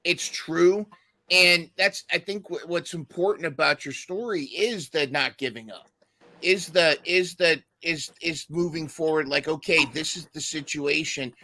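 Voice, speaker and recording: A man's voice: fairly high pitch, measured pace, sharp tone. A man hosting a podcast interview, supportive, often repeating words as he starts a thought. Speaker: podcast host.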